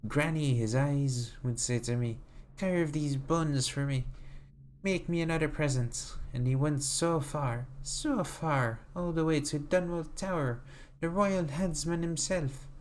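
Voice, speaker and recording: A man's voice: fairly high pitch, a little hiss or hum, lightly acted. A man putting on a creepy old granny. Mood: creepy doting. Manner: slow, sing-song, doting "dearie" refrain. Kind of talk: reading a game note aloud in character.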